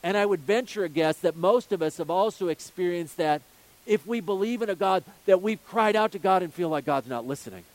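A man's voice: sits high, expressive, a little fast, no echo. A male pastor preaching a sermon, earnest, building his points with repeated phrases and rhetorical questions.

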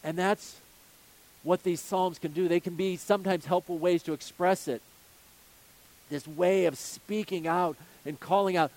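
A man's voice: high voice, fairly even intonation, unhurried, a little mellow. A male pastor preaching a sermon, earnest, building his points with repeated phrases and rhetorical questions.

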